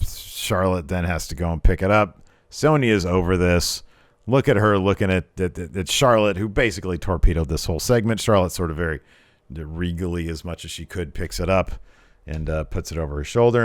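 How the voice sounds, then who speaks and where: Chatty, sarcastic man, low voice. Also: dry recording, clean studio sound. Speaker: wrestling video host. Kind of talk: casual commentary over footage.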